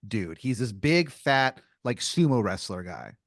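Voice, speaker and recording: A man's voice: mid-range voice, sing-song, a little slow, fairly bright tone, dry recording, clean studio sound. A man hosting an improv podcast, narrating a made-up scene in second person with casual fillers. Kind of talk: improvised storytelling, game-master style.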